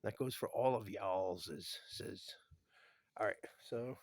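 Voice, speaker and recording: A man's voice: takes it slowly, no room sound. Rambling man showing off his gear. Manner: rambling, meandering, often trailing into low murmurs. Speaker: hobbyist showing his guitar pedals. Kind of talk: casual show-and-tell vlog.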